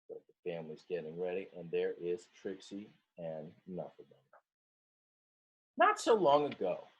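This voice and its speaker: The audio is dull, carrying a man's low voice with a breathy edge. He's a teacher reading a picture book aloud to his students, drawing out words, acting out the story voices, and frequently stopping to explain details to the class.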